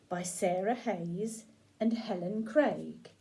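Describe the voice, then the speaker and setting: A woman reading a children's picture book aloud, gentle and sing-song, pausing to ask the young listener questions. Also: mid-range voice, gravelly. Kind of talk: children's read-aloud storytelling.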